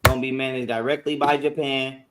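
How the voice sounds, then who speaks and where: A man's voice: medium pitch, little pitch movement, a little fast, loud music behind the voice. A man ranting on a livestream, profane and defensive, repeating himself.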